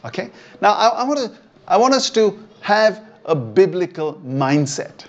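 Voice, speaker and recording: A man's voice: sits high, big pitch swings, unhurried, dull audio. A man preaching a sermon in a conversational way, often checking in with his listeners. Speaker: pastor. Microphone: online church stream.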